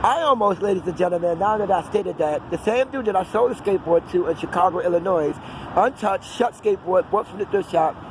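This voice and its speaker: A man's voice: high voice, fairly quick. A man, rambling on in an unscripted outdoor vlog and drifting off into fillers. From New York City. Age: 40s. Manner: digressive, talkative, trails off into fillers. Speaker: vlogger. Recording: outdoor street noise and traffic.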